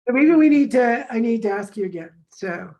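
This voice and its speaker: Chatty woman telling lively stories. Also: a little high, fairly quick, dull audio. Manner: animated storyteller, acts out quoted dialogue. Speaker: course teacher. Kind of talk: casual conversation.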